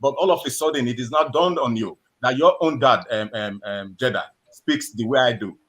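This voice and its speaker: A man's voice: mid-range voice, a little fast, fairly bright tone. A man born in Africa with a Nigerian accent, arguing on a live panel and insisting on finishing his point. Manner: keeps saying hold on, pushing to finish his point. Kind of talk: heated live panel argument.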